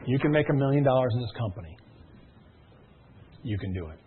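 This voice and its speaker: Over tinny, phone-like audio that is very noisy, a man with a medium-pitched, animated voice gives a brisk motivational speech to a live room at a sales meeting. He is emphatic and repetitive, telling stories to push his audience as his intensity rises and falls.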